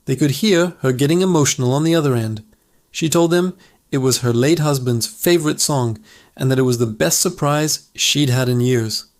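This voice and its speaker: A man's voice: mid-range voice, normal speed. Upbeat male storyteller hosting a channel. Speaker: channel host. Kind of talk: scripted storytelling narration.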